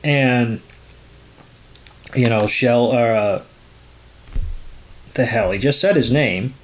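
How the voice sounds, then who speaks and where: A man hosting a podcast, retelling a cartoon episode in a loose, rambling way. His voice sits at a middle pitch. He keeps going with lots of filler words. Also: slow, slight background noise. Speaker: podcast host. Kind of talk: casual episode recap.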